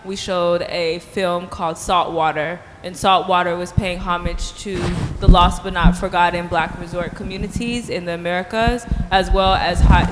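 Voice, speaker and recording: A woman speaking as a designer on a panel in a large hall, earnest, with fillers. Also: lowish voice. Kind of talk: panel talk. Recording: long hall reverb, faint noise.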